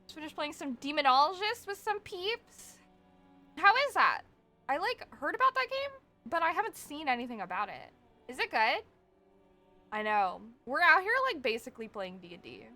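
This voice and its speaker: Young woman streamer, high bright voice, swings wide, reads lines and chats. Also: very animated, normal speed, faint music behind. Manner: reads game text aloud, swears, chats with viewers. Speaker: streamer playing a game. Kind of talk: casual game-reading and chat.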